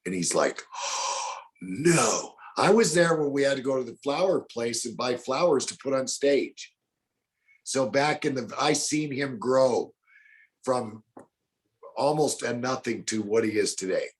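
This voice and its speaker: An older man telling animated stories in an interview, acting out the people he quotes. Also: medium pitch, a little slow. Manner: colorful storyteller, acts out quotes in other voices. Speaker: bounty hunter guest.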